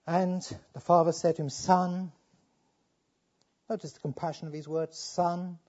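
A man preaching a sermon, pleading with his listeners and swinging from fervent appeals to low, quiet passages. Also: level tone, measured pace, long pauses, lo-fi sound.

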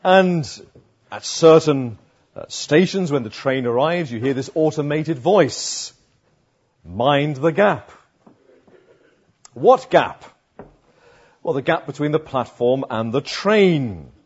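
Preacher with a sore throat. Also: male voice, on the high side, expressive, measured pace, darkish tone, husky. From London area, England. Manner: poses and answers rhetorical questions. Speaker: pastor. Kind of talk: sermon. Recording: dull lo-fi sound.

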